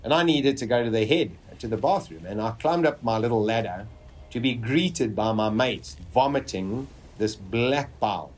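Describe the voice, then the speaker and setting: A man's voice: medium pitch, animated, slight background noise. Man telling a dramatic survival story. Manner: vivid, dramatic retelling with pauses.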